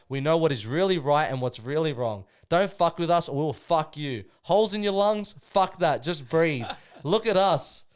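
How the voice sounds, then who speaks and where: A man's voice: fairly high pitch, clear, resonant tone, voice pushed up, natural voice. A man putting on a cackling, rowdy spirit brother. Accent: Australian. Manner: loud, cackling, taunting encouragement. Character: wild, laughing male spirit brothers.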